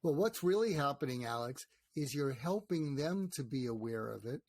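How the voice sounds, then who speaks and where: A man's voice: medium pitch, normal speed, no room sound. An older man, a psychiatrist and author, talking in a conversational interview and acting out snippets of dialogue as he explains. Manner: animated storyteller, acts out quoted dialogue.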